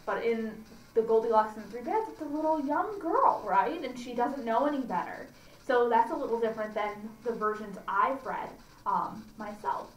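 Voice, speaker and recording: Woman, storytime reader, gentle, roomy echo, faint hum. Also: fairly high pitch, expressive, normal speed, far from the mic. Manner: gentle, explaining, asks listeners to compare. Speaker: children's librarian reading stories. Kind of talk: storytime reading and chat to children. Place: library room. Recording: echoey room, mic from afar.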